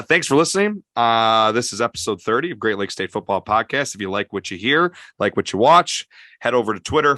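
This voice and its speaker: A man's voice: fairly low pitch, sharp tone, no echo, clean studio sound. A man with a Michigan accent hosting a podcast, rambling casually through stories and laughing at his own punchlines. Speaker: podcast host.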